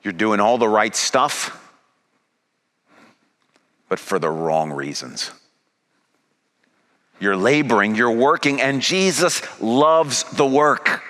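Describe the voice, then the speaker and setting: Man, pastor, sermon delivery, mid-pitched, voices Jesus' words, rising intensity. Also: lively intonation, slow, pauses often, sharp tone. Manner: paraphrases Jesus' words, rising and pressing as he builds.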